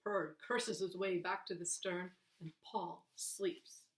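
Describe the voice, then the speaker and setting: A woman's voice: fairly low pitch, steady tone, takes it slowly, reverberant, rough recording. A woman reading a children's novel aloud, voicing the characters with expression. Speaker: reader.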